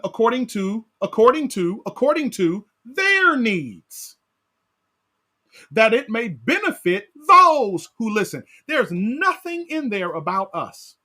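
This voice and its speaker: A man leading a Bible study as pastor, animated, asking his class questions and often tagging on "right?". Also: sits high.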